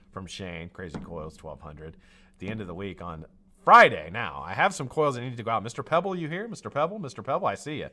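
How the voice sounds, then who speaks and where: A man from the United States hosting a live stream, greeting viewers by name in a loose, chatty way and drifting into tangents. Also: mid-range voice. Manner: lively, chatty, jumps between shout-outs and tangents. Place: home studio.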